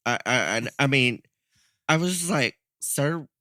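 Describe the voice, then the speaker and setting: A man co-hosting a podcast, telling a story in a casual, animated way, laughing and acting out the people in it. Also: medium pitch, unhurried, dry recording, studio quality. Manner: animated, laughing, acts out quoted voices.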